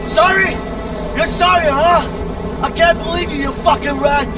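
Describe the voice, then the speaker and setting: An actor playing a furious, betrayed male convict on the run, shouting and swearing in a video game cutscene, heard as distant game audio under loud music. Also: extremely high pitch, fairly even intonation, moderate pace. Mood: enraged.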